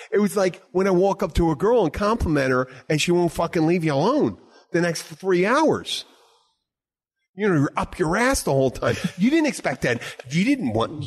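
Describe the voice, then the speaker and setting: A man hosting a casual podcast, telling stories in a rambling, animated way with lots of restarts. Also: high voice, slightly rough. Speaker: podcast host and bartender.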